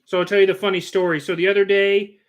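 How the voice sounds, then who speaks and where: A man's voice: sits high, little pitch movement, fast talker. A middle-aged man chatting casually on a live stream, rambling and joking with frequent restarts.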